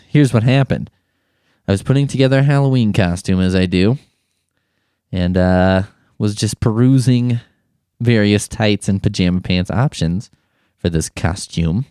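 A man's voice: lowish voice, normal speed, a little mellow, no room sound. A man hosting a podcast, talking in a rambling, irreverent, jokey comic monologue into a studio microphone. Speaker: podcast host. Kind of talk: casual comedic monologue.

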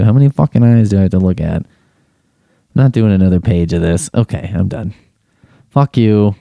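A man's voice: fairly low pitch, normal speed, gravelly, long pauses, mellow, dry recording, clean studio sound. A man hosting a comedic solo podcast, giving crude, sarcastic and exasperated running commentary as he takes a quiz. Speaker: podcast host.

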